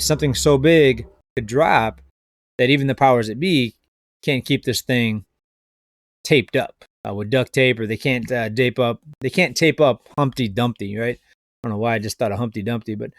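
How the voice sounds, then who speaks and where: Brief: male finance commentator, mid-pitched, skeptical and rambling, close dry mic. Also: moderate pace, no echo. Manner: skeptical, rambling, addresses viewers as folks. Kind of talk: casual video commentary.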